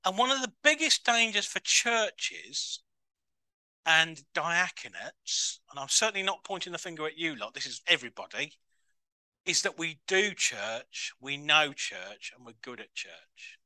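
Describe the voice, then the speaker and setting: A man giving a chatty, self-mocking sermon as a minister in a church, breaking into excited voices when he acts out others. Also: on the high side, unhurried, dry recording.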